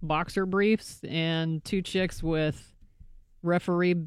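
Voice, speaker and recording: A man's voice: high voice, steady tone, takes it slowly, smooth, dry recording. A man co-hosting a morning radio show, chiming in with dry remarks. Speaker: radio co-host. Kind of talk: casual radio banter.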